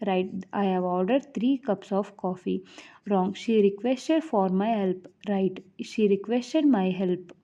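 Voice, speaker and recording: A woman reading grammar rules aloud like an audiobook, in a measured way with the odd stumble and restart. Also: mid-range voice, mellow. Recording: dull lo-fi recording.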